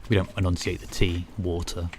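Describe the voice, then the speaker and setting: A man's voice: sits low, moderate pace, background noise. A man with a Northern English accent near Scouse, chatting casually with viewers while gaming, easygoing and full of "like" and "you know". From North of England. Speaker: game streamer.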